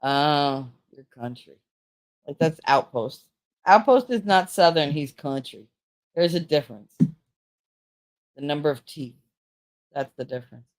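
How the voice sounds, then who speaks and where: A woman's voice: sits low, animated, unhurried, pauses often. A woman hosting a casual livestream chat with viewers, talking in a rambling, frank and joking way. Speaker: livestream host.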